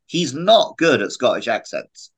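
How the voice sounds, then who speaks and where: Brief: male podcast co-host, chatty and laughing, mid pitch. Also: big pitch swings, measured pace, breathy edge, rough recording. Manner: chatty, laughs often, uses "like". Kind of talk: casual chat.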